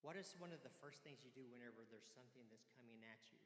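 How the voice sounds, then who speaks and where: A man preaching a sermon in a church, earnest and pleading, with sudden loud emphasis. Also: mid-range voice, fast talker. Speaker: pastor. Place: church sanctuary. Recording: echoey church hall.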